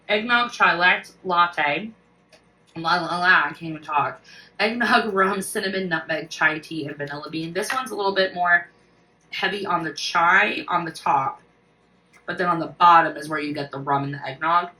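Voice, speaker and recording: A woman's voice: on the low side, sharp tone, far from the mic, low-quality recording. A woman casually reviewing her collection for a vlog, gushing with enthusiasm. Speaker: wax collection vlogger.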